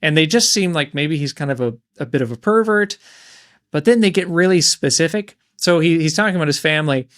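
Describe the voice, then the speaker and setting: Brief: male co-host, slightly high voice, reflective, casual book chat. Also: expressive, a little fast, a bit bright. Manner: thoughtful, searching for words.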